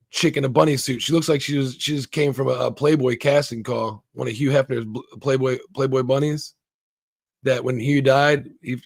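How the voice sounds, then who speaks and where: Gravelly, profane man recapping a show. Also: medium pitch, no room sound, clean studio sound. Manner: rambling, swears a lot, acts out quoted lines. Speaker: show reviewer. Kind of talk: casual profane recap and review.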